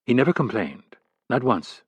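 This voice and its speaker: A man voicing a calm, middle-aged woman intelligence chief in an audiobook, measured and composed. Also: mid-range voice, husky, no room sound, voice pushed up.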